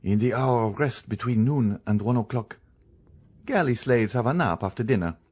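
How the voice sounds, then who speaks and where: Guy doing a scared shifty convict, pleading and evasive, husky voice. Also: mid-range voice, lively intonation, moderate pace, darkish tone. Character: frightened sly escaped convict, man. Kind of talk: audiobook character reading.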